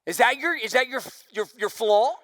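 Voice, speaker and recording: A young man preaching a sermon with a bright, forceful tone. He shifts from loud, shouted bursts to soft, hushed passages. The recording is dry and close, with no room echo. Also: extremely high pitch, normal speed. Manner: animated, swings from shouting to hushed. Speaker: pastor.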